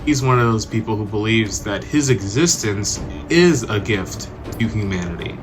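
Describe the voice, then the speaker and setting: A young man vlogging, telling a personal story in an animated, conversational way with lots of filler words. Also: lowish voice, moderate pace, over music. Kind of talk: storytime narration.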